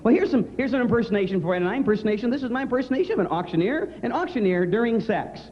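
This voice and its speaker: Animated male stand-up, high lively voice, loud audience, dull 90s broadcast sound. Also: racing. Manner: animated, acts out silly characters and impressions. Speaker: stand-up comedian. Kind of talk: stand-up joke telling.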